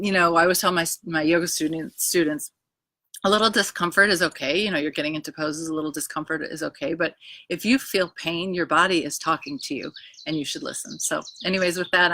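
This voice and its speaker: A woman talks into her phone outdoors, rambling through a personal story with lots of "anyways," her voice bright and edged. She sits a little low in pitch and sounds close and dry. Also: fairly even intonation, brisk, no echo. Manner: emotional, rambling, frequent "anyways" and "um". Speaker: vlogger sharing a personal health story. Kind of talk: casual live video chat. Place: backyard outdoors.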